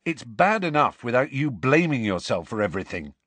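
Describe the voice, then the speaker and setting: A man's voice: medium pitch, sing-song, brisk, fairly bright tone, no room sound, pitched above the performer's own voice. Testy, bitter teenage boy, voiced by a male reader, near his own voice. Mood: angry. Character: frustrated, short-tempered teenage boy.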